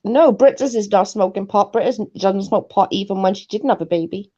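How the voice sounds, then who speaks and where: A woman's voice: mid-range voice, brisk, warm tone. A woman chatting casually on a livestream, laughing often and telling rambling stories. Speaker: guest co-host. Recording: muffled lo-fi stream audio.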